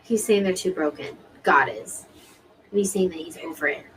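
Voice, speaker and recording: A woman's voice: lowish voice, moderate pace, a bit bright, slight background noise, poor audio. Woman, live stream host, casual commentary, chatty, emotional, talks straight to viewers.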